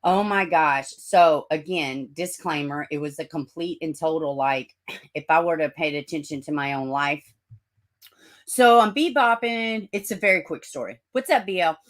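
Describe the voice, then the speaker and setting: A woman's voice: low voice, normal speed. A middle-aged woman hosting a casual livestream, greeting viewers by name, swearing and laughing at herself as she tells a story. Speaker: livestream host.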